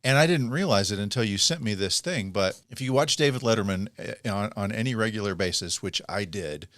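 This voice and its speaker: A man's voice: lowish voice, animated, fairly quick, fairly bright tone, no echo, studio quality. A man co-hosting a podcast in casual chat, enthusiastic and rambling. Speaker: podcast co-host.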